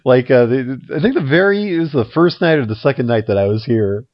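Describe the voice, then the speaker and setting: A man's voice: mid-range voice, lively intonation, brisk, no room sound. A man hosting a casual podcast from a hotel room, his voice coming through a dull, muffled call line. He rambles with plenty of ums and restarts and pokes fun at himself. The sound is dry and close, with no room around it. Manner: rambling, self-mocking storyteller with many fillers and restarts. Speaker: podcast host. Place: hotel room in a big city. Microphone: remote call line.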